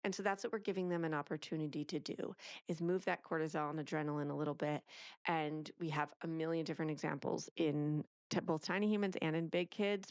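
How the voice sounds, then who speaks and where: A woman in her thirties, a parenting author as a guest in a casual interview, talking in an animated way and acting out lines of parents and children. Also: lowish voice, dry recording, clean studio sound.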